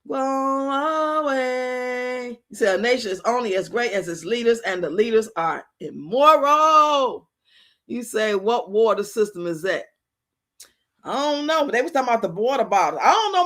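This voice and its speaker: A woman's voice: fairly high pitch, fairly bright tone. A middle-aged woman hosting a livestream, chatting casually and telling stories, laughing often and acting out what people said. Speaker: livestream host. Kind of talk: casual storytelling chat.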